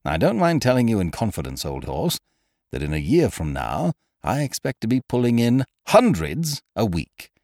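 A man's voice: mid-range voice, wildly swooping pitch, moderate pace, a little mellow, no room sound, studio quality. A man voicing a boisterous, scheming young man, full of big plans, who talks in a hearty, breezy way. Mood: exuberant. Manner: hearty, breezy, calls people "old horse" and "laddie".

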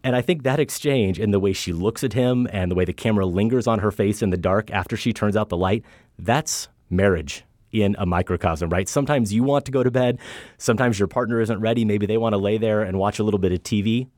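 Earnest, reflective low-voiced man. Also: fairly quick, a little mellow, no room sound, clean studio sound. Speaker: podcast co-host. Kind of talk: casual film discussion.

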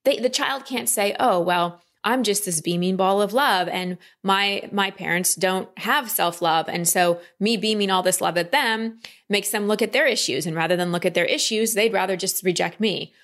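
A woman coaching a client in a calm talk, often slipping into quoted inner voices. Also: mid-range voice, moderate pace, hardly any pauses. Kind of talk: coaching session.

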